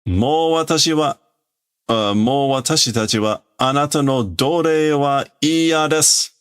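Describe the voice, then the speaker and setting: A man's voice: fairly high pitch, a little slow, clean tone, no room sound, clean studio sound, voice pushed up, lightly acted. A man voicing a defiant rebel robot that makes stiff, formal declarations while reading from a comic book.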